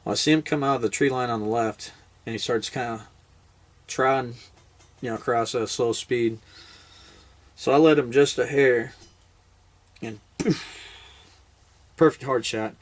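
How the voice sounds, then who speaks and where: A man's voice: medium pitch, fairly even intonation, a little slow, long pauses. A man, a military veteran, casually telling a hunting story in a rambling, laid-back way with many fillers and restarts.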